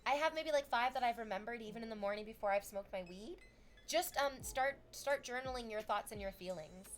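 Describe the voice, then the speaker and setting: A young woman streamer chatting casually with viewers, animated and swearing freely, her voice leaping up in excited bursts. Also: a little high, a little fast, soft background music.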